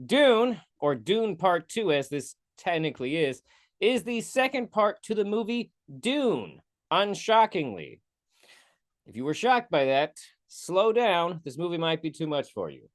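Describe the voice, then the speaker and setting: A man's voice: high voice, very animated, measured pace. A man hosting a casual solo film review podcast, goofy and rambling, often interrupting himself. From United States. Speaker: podcast host.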